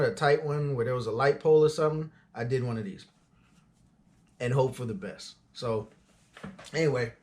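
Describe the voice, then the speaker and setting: A man of forty, an auto transport business owner, tells his story in a loose, conversational way with frequent fillers and asides. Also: medium pitch. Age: 40s. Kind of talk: casual storytelling.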